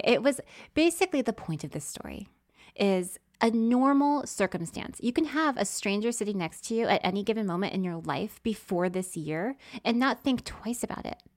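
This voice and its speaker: A woman in casual podcast chat, spinning an anecdote with lively energy. She acts out what each person said and talks at a middling pitch. Her tone is easy and conversational. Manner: animated, acts out voices, laughs often. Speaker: podcast co-host.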